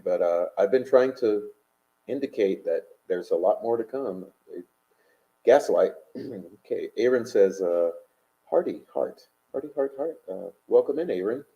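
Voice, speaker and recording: A man hosting a livestream, reading chat and super chats aloud in rambling, combative talk full of fillers. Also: on the low side. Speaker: livestream host. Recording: dull lo-fi stream audio.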